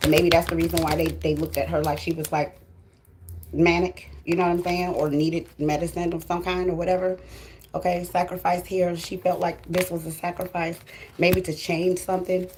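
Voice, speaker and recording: A woman's voice: lowish voice, little pitch movement, moderate pace, background noise. A woman giving a spiritual tarot reading, emotional and fighting back tears while she talks casually to her viewers. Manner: addresses viewers directly and casually. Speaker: tarot reader.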